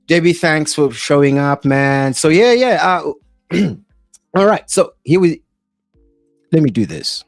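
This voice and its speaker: A man's voice: a little high, animated, slow pace, pauses often, no echo, studio quality, soft background music. A man hosting a casual chat, joking and rambling with many restarts. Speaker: host.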